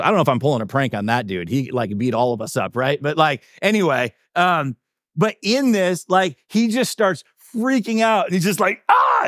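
Relaxed pastor with a dry, close sound. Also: male voice, fairly high pitch, no echo. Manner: casual, filler-heavy, checks in with listeners. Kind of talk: conversational sermon.

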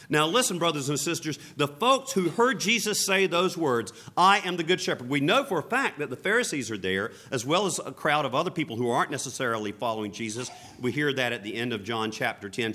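A male pastor delivering a sermon with a lively, swooping pitch and a bright, forceful edge to his voice. He slips between relaxed, joking asides and emphatic lines that he repeats to drive them home. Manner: lively preaching, mixing casual asides and humor with emphatic repetition.

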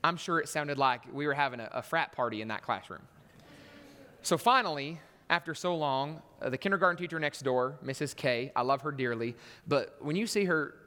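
A man's voice: a little high, lively intonation, moderate pace, pushed and bright. Man preaching in a reverberant church. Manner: storytelling, acts out voices, punchy emphasis. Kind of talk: sermon.

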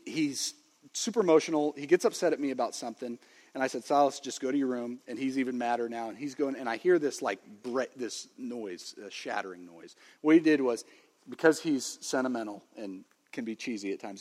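A man in his thirties preaching a sermon, telling a family story with animated swings between loud and hushed delivery. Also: medium pitch. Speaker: pastor. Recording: long reverb of a large hall.

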